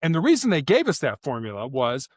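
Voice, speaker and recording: Brief: man as interview guest, lively pitch, a touch high, dry close mic, acts out quotes in voices. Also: fast talker, dry recording. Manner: animated, acts out quoted lines in character voices. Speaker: guest, former SWAT officer. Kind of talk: storytelling interview answers.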